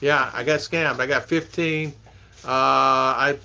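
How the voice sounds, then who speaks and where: A man's voice: medium pitch, fairly even intonation, slow pace, creaky, sharp tone, highs cut off, slight background noise. A man hosting a casual live stream, chatting with viewers, reading their names aloud and laughing often. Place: home in the Philippines.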